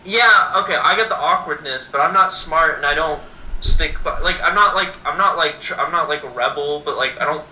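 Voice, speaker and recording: A young man in casual chat with friends, rambling and animated. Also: a little high, brisk, a little hiss or hum. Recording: roomy and distant.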